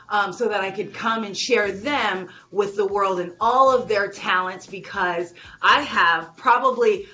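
A woman hosting a podcast interview, bubbly and excitable, laughing often. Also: a little high. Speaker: podcast host. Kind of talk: enthusiastic interview chat.

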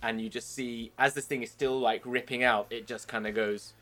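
A man running a tabletop game as dungeon master, excitable and rambling, often laughing as he narrates. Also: medium pitch, moderate pace.

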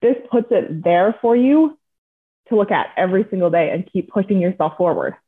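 A woman's voice: medium pitch, expressive, normal speed, husky. A woman guest in a casual interview, a coaching client who talks in an earnest, upbeat way and laughs easily. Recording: tinny call line.

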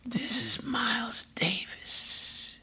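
A man impersonating a gruff older jazz trumpeter in a hoarse, menacing whisper. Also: very high voice, very slow, pitched above the performer's own voice, full character voice.

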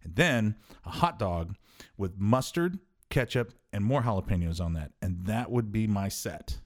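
A man in his forties co-hosting a casual podcast chat, telling stories and acting out quoted lines with big leaps in his voice. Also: measured pace. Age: 40s. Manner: animated storyteller, acts out quotes with big pitch jumps. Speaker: podcast co-host.

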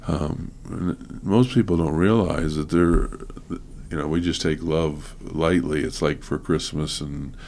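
A man talking earnestly in a casual conversation about teaching and counseling, halting with many fillers. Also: rumbling low, fairly even intonation, vocal fry, darkish tone.

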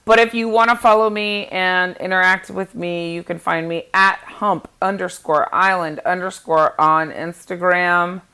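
A woman's voice: lowish voice, fairly even intonation, unhurried, hardly any pauses, pushed and bright, smooth. Sweary sarcastic woman dishing celeb gossip on a podcast. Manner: blunt, profane, sarcastic. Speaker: podcast co-host. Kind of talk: casual gossip chat.

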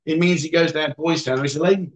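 Brief: male livestream host, playful banter, reads comments, higher pitch. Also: fairly even intonation, fast talker, a little hiss or hum, poor audio. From England. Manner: teasing, joking banter with guests. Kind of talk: casual livestream chat reading viewer comments.

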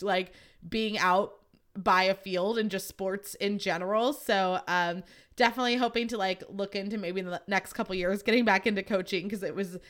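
A woman's voice: mid-range voice, a bit bright. A young woman hosting a podcast, chatting casually, swearing freely and acting out what people said. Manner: chatty, swears freely, acts out quotes in a raised voice. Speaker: podcast host. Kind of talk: casual chat.

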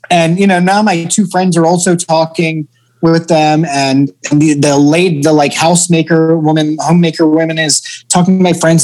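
A man in his thirties from central Pennsylvania, a comedian telling an animated, profane story as a guest in a casual interview. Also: a little high, low-quality recording.

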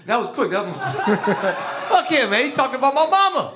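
A man's voice: very high voice, normal speed, noisy background. Een man van in de dertig staat op het podium van een comedyclub en vertelt luid en levendig zijn verhalen terwijl hij met het publiek praat. Zijn stem ligt vrij hoog voor een man. De opname klinkt galmend, zoals live in een zaal. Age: 30s. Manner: loud, animated storytelling with crowd work. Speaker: stand-up comedian. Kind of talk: stand-up comedy set. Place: comedy club stage. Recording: roomy live club sound. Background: audience laughter.

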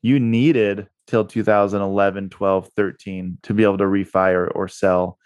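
Podcast guest: man, low voice, energetic anecdote-driven talker, dry studio sound. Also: moderate pace, clean tone, no echo. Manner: energetic storyteller who repeats words for emphasis. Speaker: guest, real estate investor and broker. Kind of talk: podcast interview. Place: Utah.

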